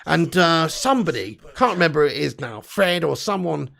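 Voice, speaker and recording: Gravelly, sweary lad ranting. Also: male voice, fairly high pitch, moderate pace. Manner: blunt, sweary, excitable banter. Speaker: livestream host. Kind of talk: live fan chat reading comments.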